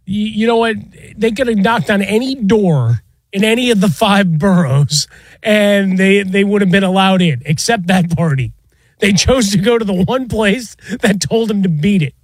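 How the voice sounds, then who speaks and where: A man with a fairly high voice needles his co-host with teasing questions on a sports talk show. The mic is close and dry. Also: normal speed, no room sound, poor audio. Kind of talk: casual sports talk banter.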